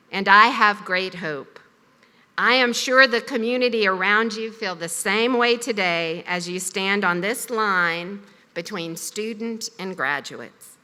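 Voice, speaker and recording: A woman giving a formal commencement speech at a podium in a ceremony hall, with a measured, deliberate delivery. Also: medium pitch, bright, forceful tone. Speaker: commencement speaker. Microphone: podium microphone. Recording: long reverb of a large hall.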